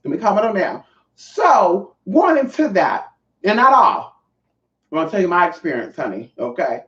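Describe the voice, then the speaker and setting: A woman's voice: fairly low pitch, sing-song, normal speed. Sassy trans woman vlogging, swears a lot, talks to the viewers directly; echoey room, set back from the mic, muffled sound. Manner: sassy, profane, calls the viewers honey and y'all. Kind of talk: casual storytelling to viewers. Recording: echoey, distant, dull sound.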